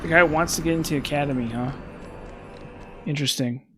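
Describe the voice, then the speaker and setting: A man's voice: on the high side, brisk, over music. A man giving casual gameplay commentary, rambling and thinking aloud with self-deprecating asides.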